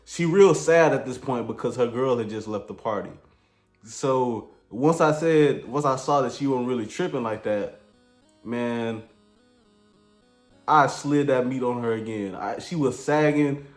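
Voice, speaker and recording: A man spins a crude comedy storytime in a relaxed, slang-heavy, rambling voice of ordinary pitch. His voice rings around an echoey room, with faint music playing underneath. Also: measured pace. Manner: laid-back, slangy, rambling delivery.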